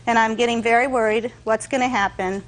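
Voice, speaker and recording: A woman testifying as a defendant, telling her story in an animated way and acting out what others said. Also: on the high side, brisk, poor audio. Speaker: defendant in a courtroom show.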